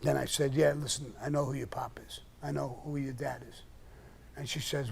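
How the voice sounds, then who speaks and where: A man's voice: mid-range voice, flat delivery, normal speed, darkish tone. An older man, hosting a live stream and telling blunt, profane stories in a casual way. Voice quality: gravelly. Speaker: live-stream host answering questions. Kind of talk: casual storytelling.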